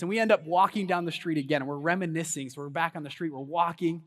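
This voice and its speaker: A man's voice: a little high, quick pace. A man in his thirties giving a motivational talk on stage, telling a personal story and hyping up the crowd. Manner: storytelling, animated, hypes the crowd. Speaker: conference speaker. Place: large event hall on stage.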